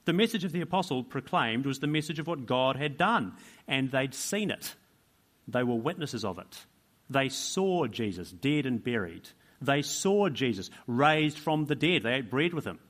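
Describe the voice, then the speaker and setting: Male preacher, average-pitched voice, emphatic sermon delivery built on rhetorical questions and repetition. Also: sing-song, moderate pace, fairly bright tone. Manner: emphatic, asks rhetorical questions and repeats key phrases.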